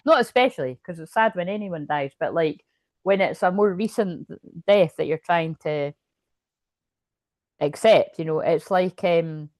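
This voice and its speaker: A woman's voice: fairly low pitch, unhurried, darkish tone, dry recording. Chatty, rambling woman tarot reader. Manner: rambling, self-interrupting, chatty with frequent laughs. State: hiccuping. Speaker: psychic tarot reader and medium. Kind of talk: casual live tarot reading.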